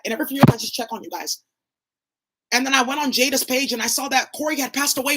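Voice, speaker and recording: A woman's voice: high voice, quick pace, fairly bright tone, breathy edge. A woman talking in a rambling, profane monologue, leaping from name to name and claim to claim. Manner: rambling, profane, jumping between names and claims.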